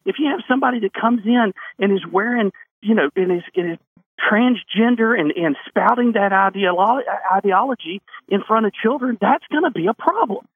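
On a phone line into a radio show, a man who serves as a state lawmaker talks at normal speed in a high voice with a breathy edge and no echo. The call-in interview finds him emphatic, posing rhetorical questions and answering them himself.

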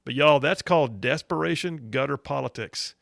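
A man hosting a conservative talk radio show, telling stories in a folksy, animated way. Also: mid-range voice, normal speed, creaky, no echo, studio quality.

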